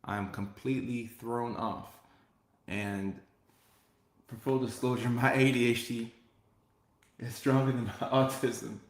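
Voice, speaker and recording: A man's voice: mid-range voice, fairly even intonation, slow pace, pauses often, echoey room. A man hosting a casual live stream as a comedian, reading viewer comments aloud in an upbeat way and repeating his phrases.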